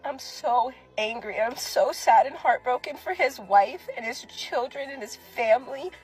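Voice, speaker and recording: A woman's voice: on the high side, moderate pace, a little mellow, soft background music, poor audio. A woman in a furious, swearing social media rant that turns heartbroken.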